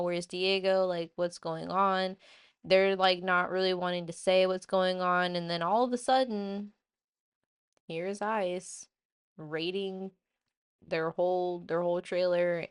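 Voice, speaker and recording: A woman talks straight to her audience in a loose, rambling vlog monologue, full of fillers and restarts. Her voice sits a little low and sounds smooth and clear. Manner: rambling, filler-heavy, many "like" and "you know". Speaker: vlogger. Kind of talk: casual storytelling monologue.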